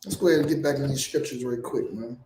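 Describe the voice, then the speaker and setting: A man's voice: medium pitch, fast, a little mellow, slight background noise. A man preaching in a heated, blunt lecture, often ending his lines with "man". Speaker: preacher teaching a class. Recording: echoey room.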